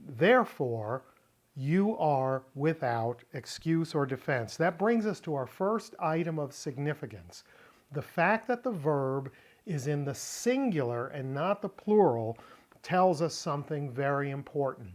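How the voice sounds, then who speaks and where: A middle-aged man teaching a Bible word-study lesson, explaining deliberately and repeating key points for emphasis. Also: on the high side. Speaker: Greek teacher.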